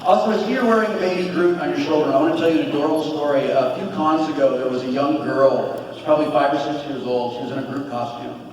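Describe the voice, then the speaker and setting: A man's voice: fairly high pitch, fast, hardly any pauses. A man in his forties, a convention panel guest, speaking earnestly and openly about living with depression. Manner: earnest, open and animated. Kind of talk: candid panel talk. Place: large convention hall. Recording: echoey hall from far off.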